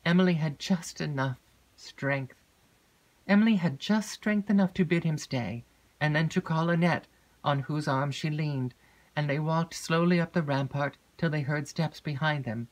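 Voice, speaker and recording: A woman narrating a classic gothic novel in a measured, even audiobook reading. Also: low voice. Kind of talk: scripted narration.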